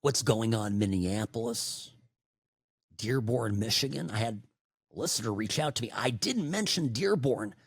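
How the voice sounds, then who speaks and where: Male talk radio host, middle-aged, opinionated monologue; lively pitch swings, loud bursts and low asides, dry studio mic. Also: normal speed, breathy edge, dry recording. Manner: animated, sarcastic, swings between loud outbursts and low asides.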